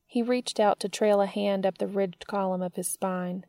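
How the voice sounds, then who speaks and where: A woman reading a piece of fiction aloud in a steady storytelling manner. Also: medium pitch, normal speed, few pauses, no echo. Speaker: fiction reader.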